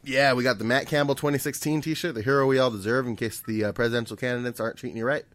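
A man's voice: medium pitch, fairly even intonation, very fast, fairly bright tone, no room sound. A man hosting a casual podcast, plugging merch and joking around with his co-hosts. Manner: joking, loose, swears casually. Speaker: podcast host.

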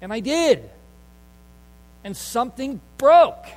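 A man's voice: very high-pitched, animated, slow, a little mellow, big-room sound, low-quality recording. A male pastor preaching a sermon in an earnest, conversational storytelling way, with fillers and emphatic turns.

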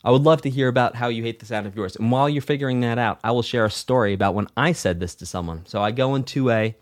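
Energetic man coaching on music. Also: mid-range voice, fast. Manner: energetic, repetitive, storytelling with acted quotes. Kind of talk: casual advice talk.

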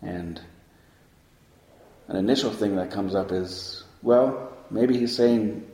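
Low-voiced man giving a reflective dharma talk. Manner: reflective, unhurried, pausing often with soft fillers. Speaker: meditation teacher. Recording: roomy hall with long reverb.

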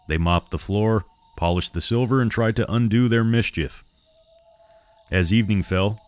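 Deep-voiced man narrating a horror tale. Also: no room sound. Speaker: podcast narrator.

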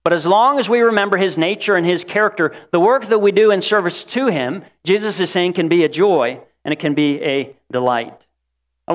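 Animated male preacher, higher voice. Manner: animated, acts out quoted voices. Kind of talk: sermon.

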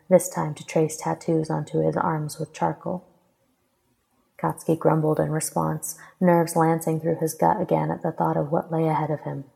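Woman reading fanfic out loud, dark gravelly voice, pretty even. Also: low voice, rough recording. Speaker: fan fiction reader. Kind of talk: reading a romantic fantasy fan fiction aloud.

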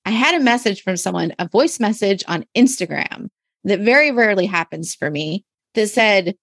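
A woman's voice: medium pitch, expressive, normal speed, dry recording. A woman hosting a faith-based business podcast, speaking earnestly and from the heart, often restarting her sentences. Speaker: podcast host.

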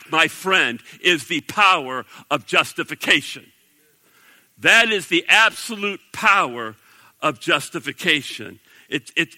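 A pastor preaches a sermon in an animated way, acting out the voices of the people he quotes. His voice is high-pitched, with no room sound and a rough recording quality.

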